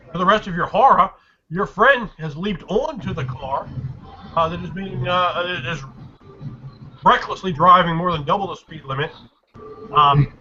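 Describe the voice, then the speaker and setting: A man narrating a tabletop game as game master, describing scenes with halting fillers and restarts. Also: sits high, bright, forceful tone. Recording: dull lo-fi recording, faint noise.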